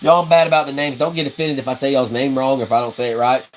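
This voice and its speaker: While building custom fishing rods on a livestream, a man talks rapid-fire in a level, medium-pitched tone. His casual chat is rambling and folksy, with viewer comments read aloud and laughter at his own stories, and the rough recording has slight background noise.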